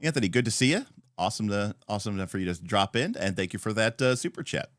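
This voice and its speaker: A man's voice: lowish voice, animated, fast talker, fairly bright tone. Chatty man hosting a livestream. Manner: chatty and rambling, greeting viewers by name. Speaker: livestream host. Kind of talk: casual livestream chat, answering viewers.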